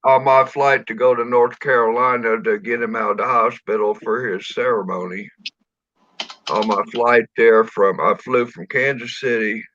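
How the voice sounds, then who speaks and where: A man with a rural Missouri drawl and a voice a little on the low side, rambling loosely through a chat. He sounds tipsy. The audio is dull, lo-fi and dry. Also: a bit bright, no echo. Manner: rambling storyteller with many restarts and swearing. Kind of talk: casual chat.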